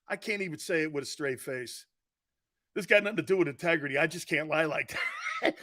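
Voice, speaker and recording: A middle-aged man hosting a sports talk show, brash and jokey, loud and given to repeating himself. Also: a little high, expressive, moderate pace.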